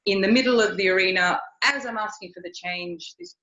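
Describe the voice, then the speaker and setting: A woman's voice: mid-range voice, brisk, vocal fry, pushed and bright. A woman riding instructor telling a story in a recorded interview, earnest, often repeating her words. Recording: echoey, dull lo-fi sound.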